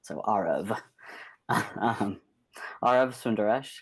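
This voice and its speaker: Deep-voiced chatty man, art teacher. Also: a little slow. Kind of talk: casual podcast conversation. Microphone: video call.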